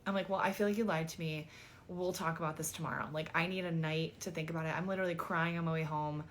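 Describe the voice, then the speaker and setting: A woman's voice: deep voice, fairly even intonation, fast, slight background noise. A woman vlogger telling a dating story in a chatty, exasperated way, full of "like" and casual swearing.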